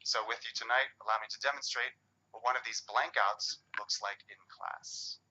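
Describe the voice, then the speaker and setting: A man giving an animated public talk, with dramatic pauses. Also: lowish voice, slightly rough. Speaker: speaker. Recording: dull lo-fi recording.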